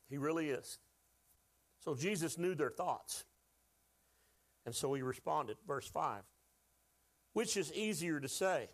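A man preaching a sermon to his church, folksy and joking, asking the congregation to call out answers. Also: fairly high pitch. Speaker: pastor.

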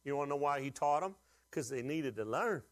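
Expressive and a little fast, this pastor's voice sits on the high side. His sermon is full of folksy humor, quoted voices he acts out, and call-and-response questions aimed at the congregation.

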